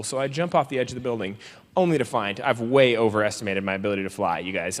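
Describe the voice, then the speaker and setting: A man's voice: medium pitch, quick pace. A man giving a comedic motivational speech to students, joking and acting out little scenes as he tells them. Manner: joking, animated storyteller who acts out scenes. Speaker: motivational speaker. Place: large convention hall. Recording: reverberant convention hall.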